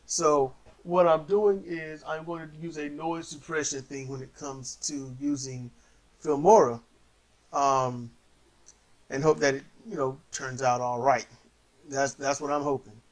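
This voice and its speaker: A man casually recapping wrestling matches as a co-host, telling it in an animated way and acting out the wrestlers. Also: measured pace. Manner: animated storyteller, acts out wrestlers in high voices.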